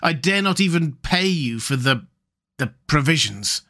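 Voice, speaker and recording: A man voicing a starving, haunted shipwrecked man who speaks in a husky, pleading, broken way. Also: fairly high pitch, lively intonation, unhurried, pushed and bright, exaggerated voice. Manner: hopeless, pleading, broken speech.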